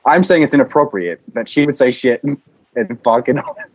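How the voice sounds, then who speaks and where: A man's voice: mid-range voice, expressive, fairly quick, breathy edge, no echo. A man prank-calling as a call center manager, falsely polite and stammering, then insulting. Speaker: prank caller posing as a manager.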